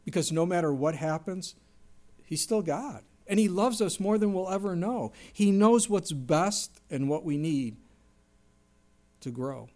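Unhurried but animated, a middle-aged man delivers a sermon as pastor. When quoting others, he performs their voices with abrupt jumps in pitch and loudness.

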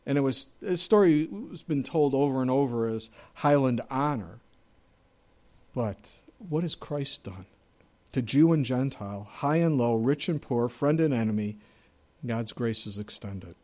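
Male pastor, sermon delivery, emphatic, mid-range voice, loud and hushed in turns. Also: mid-range voice, expressive, measured pace. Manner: emphatic, rhetorical questions, swings between loud and hushed.

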